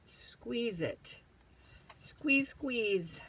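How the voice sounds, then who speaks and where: Woman, craft tutorial host, very slow pace, lively pitch, chatty, whispers to herself, going hoarse. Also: slight background noise. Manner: slow, chatty, talks to herself while working, drops to whispers. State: losing her voice, clearing throat.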